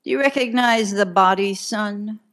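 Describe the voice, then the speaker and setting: A woman's voice: mid-range voice, measured pace, a bit bright, voice pushed up. A woman voicing an impatient male police lieutenant who asks curt, demanding questions. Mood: gruff.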